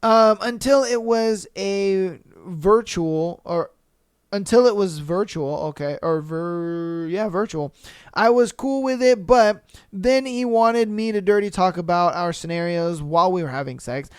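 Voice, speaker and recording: Profane, animated young male podcast host. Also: high-pitched, unhurried, smooth, no room sound, clean studio sound. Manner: profane, animated reactions, laughs. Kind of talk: casual reading of listener posts with commentary.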